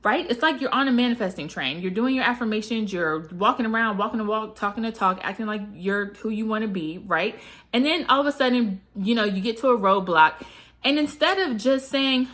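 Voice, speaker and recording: Higher-voiced woman coaching casually. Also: brisk, fairly bright tone. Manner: chatty, fills with "like" and "you know"; asks many rhetorical questions. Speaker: manifestation coach. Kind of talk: casual talk to camera.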